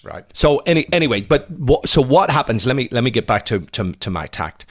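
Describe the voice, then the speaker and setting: A man with a fairly low voice explains science in a relaxed podcast chat. He talks in an animated way, stumbling over repeated words and ending points with a quick "right?". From Britain. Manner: animated explainer, frequent "right?" tags and stammered restarts. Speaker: fasting and fat loss expert guest. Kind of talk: casual podcast interview.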